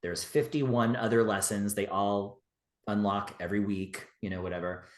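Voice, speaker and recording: Man, low voice, rambling casual guest talk, "you know" fillers, reverberant room. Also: steady tone, moderate pace. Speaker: guest, witchcraft teacher. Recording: roomy echo.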